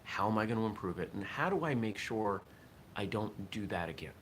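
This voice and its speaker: A man's voice: on the low side, lively intonation, fairly quick, a little hiss or hum. A man hosting a live morning show, talking in a reflective, think-aloud way. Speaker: host of a martial arts morning show. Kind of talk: casual morning livestream talk.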